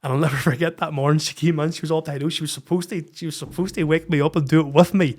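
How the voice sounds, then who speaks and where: A man's voice: on the high side, fairly even intonation, fast, few pauses, darkish tone. A man with a Northern Irish accent, a podcast guest telling his personal story frankly and swearing freely. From Northern Ireland.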